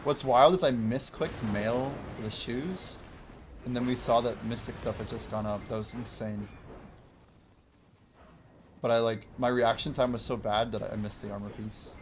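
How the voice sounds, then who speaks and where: A man's voice: mid-range voice, fairly even intonation, normal speed, slight background noise. A man chatting casually while livestreaming a game, answering viewer chat and laughing often. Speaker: game streamer. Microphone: wears headphones while streaming.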